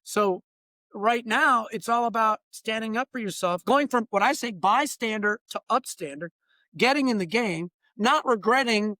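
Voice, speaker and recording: This interview guest, a diversity trainer and consultant in his late fifties, has a voice that sits high and a moderate pace. The sound is clean studio audio without echo, and the conversation is casual. He is animated and emphatic, often acting out exchanges he quotes.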